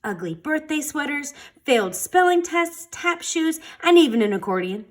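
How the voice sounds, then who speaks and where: A woman reading a children's storybook aloud in an expressive, dramatic storytelling manner. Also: high voice, normal speed. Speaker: storytime reader.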